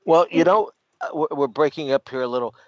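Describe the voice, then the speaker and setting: A man's voice: on the high side, fairly quick, no room sound. A man hosting a radio show, asking a caller hesitant, stammering questions. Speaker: radio host. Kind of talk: interviewing a caller. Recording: dry lo-fi studio audio.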